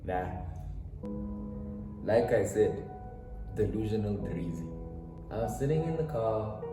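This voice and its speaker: A man's voice: fairly low pitch, lively intonation, slow pace, recorded from a distance. A young South African man telling a dramatic storytime vlog, acting out quotes and tossing slangy asides to viewers. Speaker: storytime vlogger. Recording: roomy echo, off-mic, faint music.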